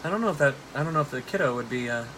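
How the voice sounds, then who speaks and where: A man's voice: mid-range voice, animated, rapid-fire, pushed and bright, slight background noise, rough recording. A man who is a drag performer, chatting backstage at a bar with dry, teasing humor, often dropping to a murmur. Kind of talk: casual backstage chat.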